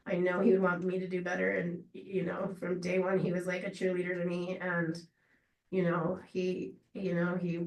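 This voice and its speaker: A woman giving an unscripted memorial tribute to a friend, halting and rambling with many fillers and restarts. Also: lowish voice. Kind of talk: emotional unscripted memorial speech. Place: memorial gathering room. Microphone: distant laptop or room mic on a video call. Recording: roomy, distant video-call audio.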